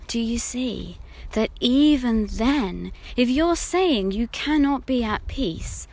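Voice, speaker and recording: Woman, slightly high voice, slow and intimate; solo host monologue with hushed asides. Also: expressive, slight background noise. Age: adult mother of older children. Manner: earnest, intimate, often dropping to a hushed near-whisper. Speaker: podcast host on infertility.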